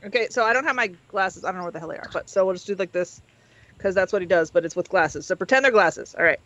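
A man playing a tabletop game, pitching an idea in an excited, rambling way full of fillers. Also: fast talker. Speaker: player. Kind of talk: casual tabletop game chat. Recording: dull lo-fi audio.

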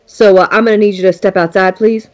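A woman at a tabletop game in a middle-pitched voice, talking quickly and haltingly. She restarts sentences and pads them with fillers as she works out the plan. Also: steady tone, darkish tone, muffled recording. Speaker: player. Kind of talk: tabletop role-play.

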